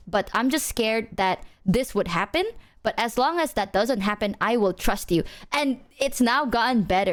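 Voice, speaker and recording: A woman streamer chatting casually with her viewers, telling rambling stories and swearing freely. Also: mid-range voice.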